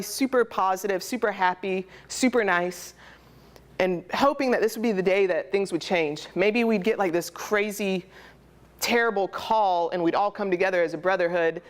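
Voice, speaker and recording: A young woman speaking candidly and emotionally at a conference, telling a personal story in a conversational way. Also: mid-range voice. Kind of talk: personal testimony talk. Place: conference hall.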